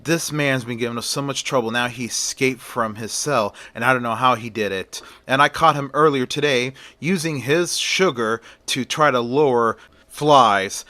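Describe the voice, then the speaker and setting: A man's voice: mid-range voice, normal speed, bright, forceful tone, no room sound, close to an everyday voice. Man voicing a harried asylum orderly. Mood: apologetic.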